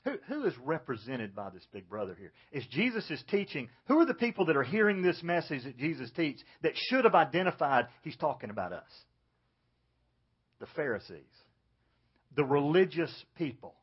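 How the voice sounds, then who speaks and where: A pastor preaching an earnest sermon, dropping low and soft to stress his points. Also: very animated, moderate pace, slightly rough, muffled recording.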